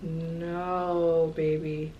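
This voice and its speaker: American girl putting on a wary shop lady, quiet and hushed, blunt warnings. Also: deep voice, little pitch movement, extremely slow, highs cut off, a little hiss or hum. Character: wary older woman shopkeeper, blunt and warning.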